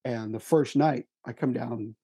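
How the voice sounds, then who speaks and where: Guest writer-actor, man; husky, dry-sounding voice, self-deprecating storyteller. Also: mid-range voice, a little slow, warm tone, no room sound. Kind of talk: casual conversation, storytelling.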